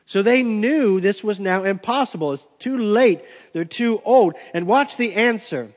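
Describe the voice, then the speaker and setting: A man's voice: high-pitched, a little slow. A male pastor preaching a sermon in an emphatic, conversational way, recorded dull with long hall reverb.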